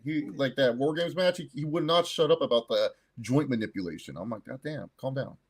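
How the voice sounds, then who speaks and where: Dude co-hosting a review chat, tells stories, does little bits of what people said, normal voice. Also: male voice, medium pitch, fairly quick, breathy edge. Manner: animated storyteller, acts out what others said. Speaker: co-host.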